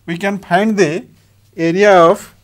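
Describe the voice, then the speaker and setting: Slow Indian English maths teacher, man. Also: high voice, fairly even intonation. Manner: slow, step-by-step dictation while writing. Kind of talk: blackboard maths lesson.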